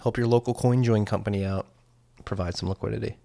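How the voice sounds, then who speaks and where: Male podcast co-host, deep voice, loose rambling chat, dry close sound. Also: steady tone, fast talker, gravelly, warm tone, dry recording. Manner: laid-back, rambling with fillers. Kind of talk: casual chat.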